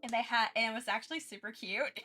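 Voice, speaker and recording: Bright-voiced young woman rambling casually. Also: a little high, fast talker, soft background music. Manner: rambling, self-mocking, many fillers and restarts. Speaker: art streamer. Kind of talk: casual chat while drawing.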